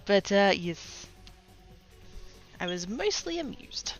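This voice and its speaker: A woman's voice: medium pitch, sing-song, slow, muffled recording, soft background music. Bubbly Australian woman on a headset. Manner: bubbly, giggly, exclamatory. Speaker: craft livestreamer. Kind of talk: casual livestream chat greeting viewers.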